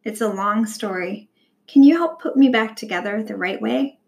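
A woman voicing a cheerful, talkative male Halloween skeleton in a read-aloud storybook, with a bright, eager delivery. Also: medium pitch, moderate pace, vocal fry, close to an everyday voice.

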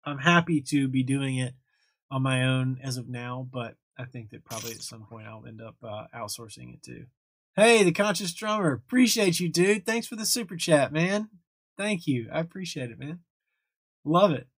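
A man's voice: mid-range voice, moderate pace, breathy edge, no echo. A young man casually hosting a livestream, chatting loosely and thanking viewers as he reads their comments. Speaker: livestream host answering chat. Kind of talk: casual live chat.

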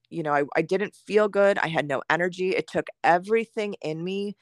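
Middle-aged woman, low voice, very emotional, lots of ums, dead dry mic. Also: dry recording. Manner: emotional, many fillers, acts out her own thoughts. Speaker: podcast guest. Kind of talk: candid conversational chat.

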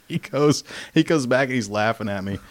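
A man hosting a livestream from home, telling a rambling story with animated, acted-out quotes in casual chat. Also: medium pitch, normal speed. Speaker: livestream host. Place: home, spare bathroom.

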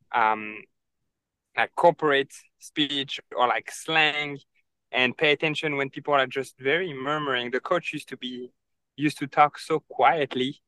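Bright, crisp French-accented young man. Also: mid-range voice, no room sound, poor audio. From France. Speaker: podcast guest. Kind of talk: casual interview chat.

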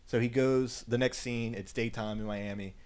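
A man retelling a movie plot in a loose, rambling podcast chat. His voice sits at a middle pitch, and his talk is peppered with fillers and "like". The delivery is casual and unhurried. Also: fairly even intonation, a little mellow, clean tone. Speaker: podcast co-host. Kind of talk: casual film recap.

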